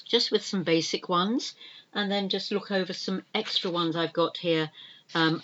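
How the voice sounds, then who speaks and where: A British woman with a notably low voice teaches pronunciation, saying each word several times and spelling it out letter by letter. She is patient and unhurried. The recording sounds somewhat dull and lo-fi. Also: fairly bright tone. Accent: British English. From United Kingdom. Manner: patient, spells words letter by letter and repeats them. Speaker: podcast host teaching English. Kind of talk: slow spelled-out pronunciation lesson.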